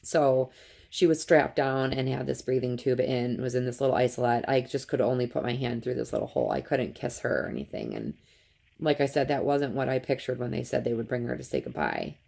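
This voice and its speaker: A woman's voice: a bass voice, animated, brisk, gravelly, a little mellow. A mother in her thirties tells a personal story to camera in an earnest, emotional way and acts out the quotes. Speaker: vlogger, mother.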